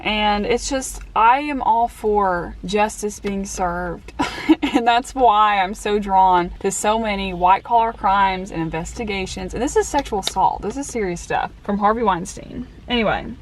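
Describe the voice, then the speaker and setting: A woman's voice: mid-range voice, unhurried. A young woman chatting casually in a vlog, bubbly and laughing often, filmed on a handheld camera. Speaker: vlogger. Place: car, shops and home. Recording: noisy handheld camera audio.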